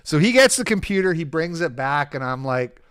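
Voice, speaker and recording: A man hosting a stream, telling a rambling story in a casual, animated way, swearing freely and poking fun at himself. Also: fairly high pitch, normal speed, clean tone, no echo, clean studio sound. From Canada. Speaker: streamer host.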